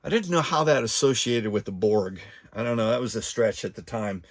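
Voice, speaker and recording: A man's voice: fairly low pitch, expressive, a little fast. Rambling man hosting a casual podcast. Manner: rambling, restarts, chatty asides. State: out of breath. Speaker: podcast host.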